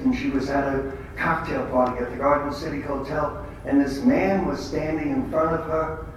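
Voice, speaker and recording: A man's voice: on the high side, muffled recording. A man giving a conversational, testimony-style religious talk to a gathering, telling stories with blunt humor. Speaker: lay speaker at a faith gathering. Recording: echoey room from far off, faint noise.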